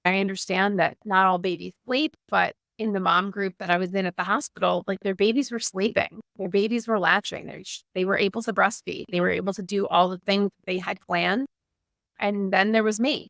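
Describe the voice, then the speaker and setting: A woman's voice: medium pitch, steady tone, brisk, gravelly, a bit bright, no room sound, studio quality. A woman in her thirties, a guest telling her personal story in an interview, candid and earnest, with lots of "like". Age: 30s.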